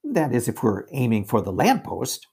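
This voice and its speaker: A man's voice: mid-range voice, wildly swooping pitch, normal speed, darkish tone, husky, heavily acted. A man reading aloud and voicing a sly, spiteful younger schoolboy.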